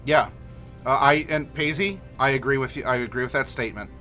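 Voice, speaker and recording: Guy streaming and reading chat out loud, lots of ums and uhs, bright kinda punchy voice, music low in the back. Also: a little fast. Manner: rambling, reads chat messages aloud with many fillers. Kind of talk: casual livestream chat.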